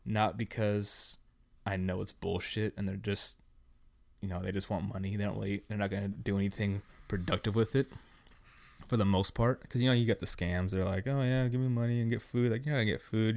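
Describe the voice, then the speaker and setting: A man's voice: lowish voice, little pitch movement, fairly quick, vocal fry, no room sound. A man in his thirties hosting a solo podcast, ranting bluntly and swearing constantly in casual talk. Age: 30s. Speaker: podcast host.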